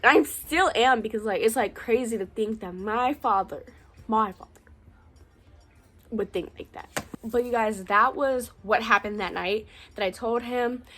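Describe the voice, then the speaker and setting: A young woman in her late teens telling a personal story in a casual vlog, chatty and animated, full of "like" and quoted dialogue. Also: medium pitch. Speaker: vlogger.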